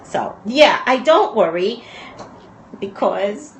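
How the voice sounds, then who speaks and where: A woman's voice: mid-range voice, lively intonation, takes it slowly, rough recording. A woman hosting a casual talk show, rambling and chatty, and she often breaks into laughter. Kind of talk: casual chat.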